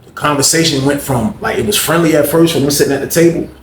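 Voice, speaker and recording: A man casually telling a story, animated and repetitive as he acts out each scene. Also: fairly high pitch, fast talker, roomy sound, background noise.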